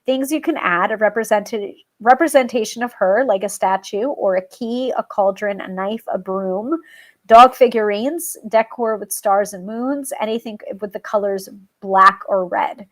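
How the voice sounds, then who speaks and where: She has a medium-pitched voice and a slightly slow delivery. As host of a tarot show, she chats about working with a goddess and reads tips from a list, often breaking off with ums and restarts and laughing at herself.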